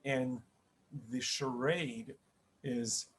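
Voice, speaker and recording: A middle-aged man leads a spoken Torah lesson as a rabbi, his pitch sitting at an ordinary middle level. He talks conversationally, trips into restarts and repeated words, and keeps checking in with "right?". A faint hiss of noise sits behind him. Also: fairly even intonation, drawn-out words. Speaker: rabbi teaching the weekly Torah portion.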